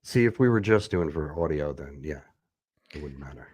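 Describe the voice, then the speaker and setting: A man's voice: a bass voice, expressive, moderate pace, a little mellow, husky, no echo. A man co-hosting a casual music podcast, rambling and self-deprecating, talking into a desk mic at home. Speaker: podcast co-host; bass player. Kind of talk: casual chat. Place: echoey home room. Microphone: desk USB microphone.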